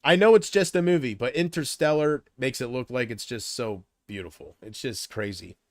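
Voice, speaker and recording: A man's voice: mid-range voice, normal speed, no room sound, studio quality. A man on a casual livestream, rambling and unsure, drifting between thoughts while he answers viewer comments. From United States.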